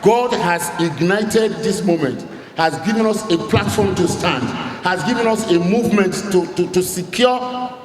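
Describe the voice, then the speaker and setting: A man serving as campaign director general gives a rousing, emphatic rally speech in a large hall, calling out to the crowd. His voice is on the high side with a darkish tone, and the echoey hall recording carries faint ambience plus a little hiss or hum.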